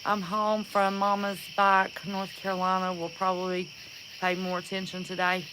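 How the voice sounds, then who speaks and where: A woman's voice: medium pitch, monotone, moderate pace, background noise. A woman hosting a casual livestream, chatting and greeting viewers by name and calling them honey. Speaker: livestream host.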